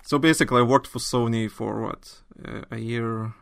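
A man chatting on a gaming podcast, recorded close and dry. He talks in animated bursts and rants, stumbling into restarts as he goes. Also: mid-range voice, moderate pace, creaky, clean tone, dry recording. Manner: animated, ranting, trails off into restarts. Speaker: podcast host. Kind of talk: casual chat.

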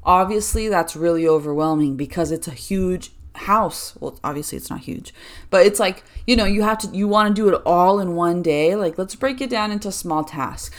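A woman's voice: fairly low pitch, moderate pace, hardly any pauses. A young woman in her twenties talking candidly in a personal vlog, rambling and full of fillers. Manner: rambling, filler-heavy, self-deprecating. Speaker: vlogger.

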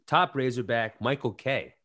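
A man's voice: mid-range voice, normal speed, a bit bright. A man co-hosting a podcast, teasing his co-host playfully in casual banter.

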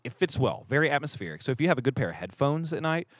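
Man from southern west virginia, podcast co-host, playful joking chat, mid pitch, dry. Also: big pitch swings, very fast, no echo. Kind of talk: casual chat.

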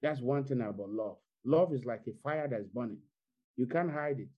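A man's voice: medium pitch, normal speed, highs cut off. A man preaching an Easter sermon online, repeating his phrases and building to fervent exhortation. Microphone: online video call.

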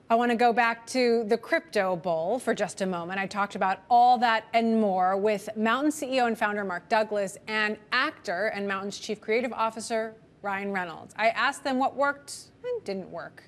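A woman anchoring a business news show, presenting segments and questioning guests in a brisk, polished delivery. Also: mid-range voice.

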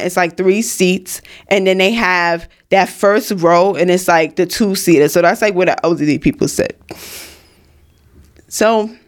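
A young woman, casually telling a storytime in a slangy, emphatic way from her home studio. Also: on the low side. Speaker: vlogger.

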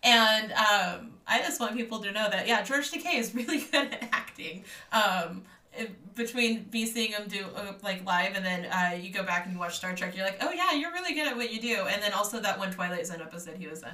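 A woman's voice: mid-range voice, bright, forceful tone, distant mic. Chatty woman, off-mic in a roomy space. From from Sacramento. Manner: playful, chatty, quick to laugh. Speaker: podcast host. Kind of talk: casual chat.

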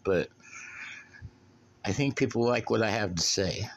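A man's voice: fairly low pitch, unhurried. A man hosting a podcast alone, rambling casually and bluntly with plenty of swearing while drinking beer. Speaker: podcast host.

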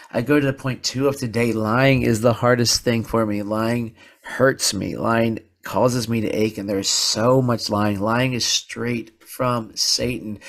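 Earnest low-voiced male podcast host. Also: fairly bright tone. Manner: earnest, confessional, repeats words for emphasis. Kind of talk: personal reflective podcast monologue.

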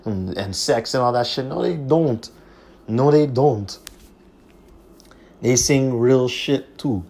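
A man's voice: mid-range voice, a little mellow. A man hosting his own podcast, talking in a blunt, profane, repetitive way. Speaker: podcast host. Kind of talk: casual monologue.

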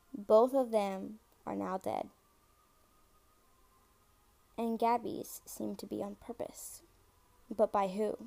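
Speaking in a mid-range voice, this woman hosts a casual true-crime podcast. She's chatty and excitable, talks straight to her audience, and occasionally trips over words as she reads.

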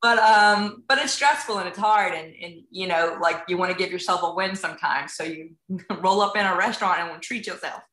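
A woman's voice: lowish voice, fairly quick, a bit bright. Chatty woman in an echoey room. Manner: chatty, acts out dialogue, many fillers like "like" and "um". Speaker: realtor and TV show guest. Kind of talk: casual interview chat.

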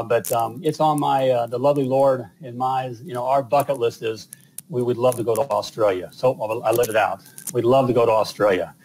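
A man's voice: mid-range voice, darkish tone, a little hiss or hum, rough recording. A man, hosting a live show in casual, rambling talk full of fillers and repeated "all right?". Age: 50s. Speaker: podcast host.

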